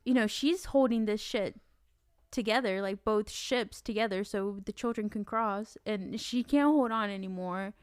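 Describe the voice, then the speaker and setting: A woman's voice: mid-range voice, moderate pace, clean tone, no echo, clean studio sound. A woman co-hosting a podcast, chatting casually about a film, swearing freely and acting out her own reactions. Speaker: podcast co-host.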